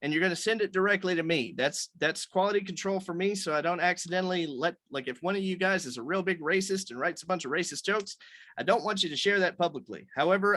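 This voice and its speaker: Bright, rambling man leading a meeting. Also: high-pitched, no room sound. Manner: loose, rambling, many fillers and restarts. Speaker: host leading a writers' meeting. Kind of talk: casual explanation on a video call.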